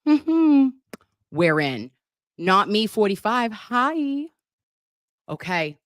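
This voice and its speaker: A woman's voice: mid-range voice, very animated, very slow, dry recording, studio quality. A middle-aged woman hosting a casual livestream, sassy and profane as she banters with her viewers. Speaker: livestream host, legal nurse consultant. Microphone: desk microphone.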